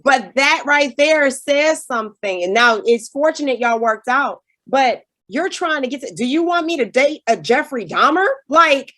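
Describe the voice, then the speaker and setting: A young Southern woman in a lively talk-show chat, her voice sitting a little high for a woman. She talks emphatically and stacks up repeated "no"s to press her point. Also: normal speed, few pauses. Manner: animated, emphatic, repeats herself. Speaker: guest. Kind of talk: casual chat.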